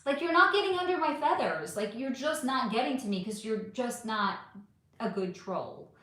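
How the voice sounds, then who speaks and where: Animated woman in an echoey room. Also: on the high side, moderate pace. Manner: animated, blunt, sarcastic with commenters. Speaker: livestream host reading chat. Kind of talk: casual livestream chat. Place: home room. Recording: roomy echo.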